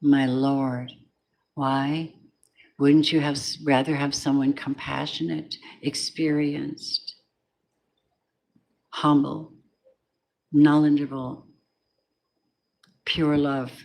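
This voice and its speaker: A woman's voice: low-pitched, little pitch movement, takes it slowly, vocal fry, pauses often, a little mellow. A woman giving a collective tarot reading in a rambling, candid way, swearing often and drifting into spiritual asides. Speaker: tarot reader.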